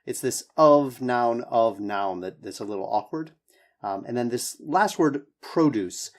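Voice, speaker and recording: A man's voice: medium pitch, animated, a little slow. A man teaching English, giving spoken feedback on a student's answer in an encouraging, hedging way with many fillers.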